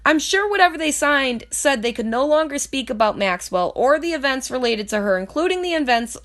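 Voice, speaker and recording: A woman's voice: high voice, lively intonation, a little fast, fairly bright tone. Skeptical woman with a lisp, commenting. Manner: skeptical, sarcastic asides between read passages. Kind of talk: reading news articles aloud with commentary.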